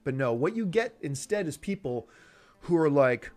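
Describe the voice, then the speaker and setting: A man's voice: fairly high pitch, very animated, moderate pace, a little mellow, faint music behind. A man hosting a rant show, speaking in an exasperated, emphatic and sarcastic way. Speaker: host. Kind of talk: opinion rant.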